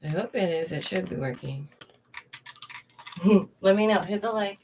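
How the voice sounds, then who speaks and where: A woman's voice: mid-range voice, a little slow, darkish tone, a little hiss or hum. A young woman, a streamer and art teacher, chatting casually to her viewers, laughing often and greeting them directly. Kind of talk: casual livestream chat. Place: indoors at home.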